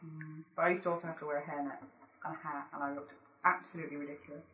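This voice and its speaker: A woman playing a tabletop game, giggly and excitable as she chats. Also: sits low, rapid-fire. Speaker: player. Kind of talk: casual game-table banter. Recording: distant echoey mic, lo-fi, loud noise.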